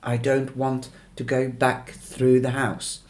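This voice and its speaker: A man's voice: mid-range voice, monotone, takes it slowly, darkish tone, natural voice. A man voicing an anxious teenage boy who talks urgently and pleads with others, in a storybook reading. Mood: pleading.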